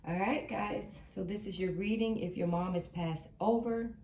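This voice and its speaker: A woman's voice: medium pitch, moderate pace, a little mellow, a little hiss or hum. Reassuring woman giving a tarot reading. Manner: repetitive, reassuring, emphatic. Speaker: tarot reader. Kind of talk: tarot card reading to viewers. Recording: roomy sound from a distant mic.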